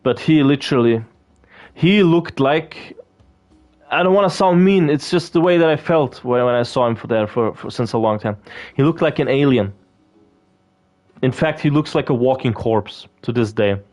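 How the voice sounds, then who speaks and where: A man of middle pitch talks off the cuff while he plays. He rambles, swears freely and often breaks off mid-sentence to restart. Soft game music runs faintly underneath. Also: expressive, normal speed. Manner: rambling, profane, lots of fillers and restarts. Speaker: gaming video creator. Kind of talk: casual gameplay commentary.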